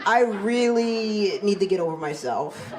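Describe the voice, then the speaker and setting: A woman's voice: mid-range voice, expressive, a little slow, noisy background. A woman in her forties doing a stand-up comedy set on a club stage, telling stories in a wry, self-deprecating, conversational way into a handheld mic. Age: 40s.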